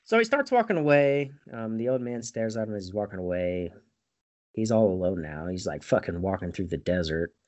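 A man's voice: lowish voice, a little fast, muffled recording. A man casually retelling a movie plot, swearing a lot and laughing at it. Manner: profane, animated, laughs often. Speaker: movie recapper.

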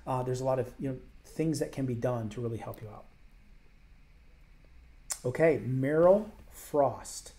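A man's voice: mid-range voice, fast, few pauses, dark tone. A man hosting a health question-and-answer show, his voice sitting in an ordinary middle range. He explains things conversationally, circling back to stress his main points. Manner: conversational, explanatory, emphatic repetition. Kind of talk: casual Q&A.

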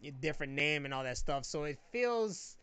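A man talks casually on a podcast in a bright, crisp voice. He tells his stories animatedly and swears freely. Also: moderate pace. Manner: animated storyteller, swears freely, mimics others in high voices. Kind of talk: casual chat.

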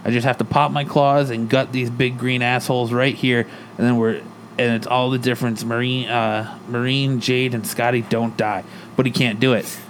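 A man's voice: medium pitch, flat delivery, normal speed, a little hiss or hum. A man co-hosting a podcast, casually retelling a comic book story and speaking the characters' lines in his own voice. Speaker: podcast co-host.

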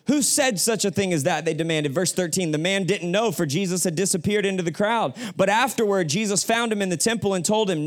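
A young pastor delivers his sermon inside a church sanctuary, speaking casually with slang and having the congregation repeat lines after him. He has a fairly high, expressive voice and moves at a brisk clip.

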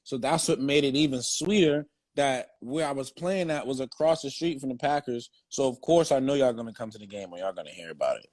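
A man's voice: medium pitch, brisk, hardly any pauses, darkish tone, no room sound. A young man, a former football player, telling his story in casual, slang-heavy, profane talk.

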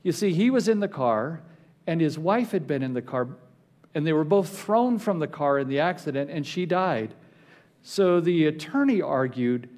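A male pastor with a high, bright-toned voice delivers a sermon. He reads scripture aloud with building intensity and draws out key phrases slowly for weight.

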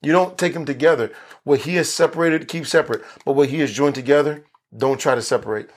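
A man's voice: fairly high pitch, fast talker. Earnest man preaching a Bible study. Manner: earnest, emphatic, repeats key phrases for stress. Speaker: pastor teaching Bible study. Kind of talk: Bible study sermon recorded for video.

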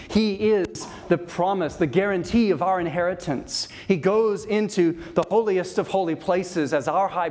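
Man, pastor, sermon, earnest, emphatic repetition, slightly high pitch. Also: darkish tone. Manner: earnest preaching with repeated emphatic phrases.

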